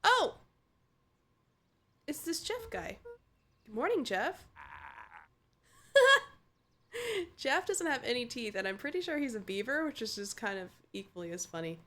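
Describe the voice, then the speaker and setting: A woman's voice: fairly high pitch, sing-song, normal speed, bright, forceful tone, a little hiss or hum. Giggly, playful woman streamer. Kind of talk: casual game commentary.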